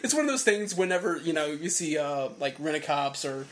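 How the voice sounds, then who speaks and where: Excitable high-voiced man ranting. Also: brisk. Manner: excitable, rants with rising indignation. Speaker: podcast co-host. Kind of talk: casual chat about wrestling.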